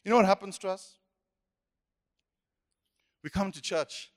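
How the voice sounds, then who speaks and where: A man's voice: high-pitched, unhurried. A man preaching a sermon as pastor, emphatic and repetitive. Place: church hall. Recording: echoey church hall.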